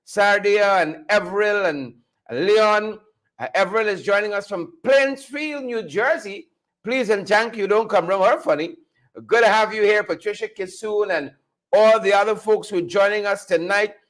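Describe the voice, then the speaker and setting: A man's voice: high voice, normal speed, fairly bright tone. A middle-aged man hosting a livestream, full of playful catchphrases and repeated chants. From Guyana. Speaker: livestream host. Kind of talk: energetic livestream hype talk.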